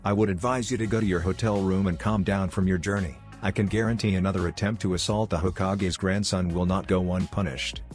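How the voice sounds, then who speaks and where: A man's voice: deep voice, brisk, few pauses, faint music behind, close to an everyday voice. A man doing a cool, unshakable young ninja. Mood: calm menace. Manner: calm, casually menacing.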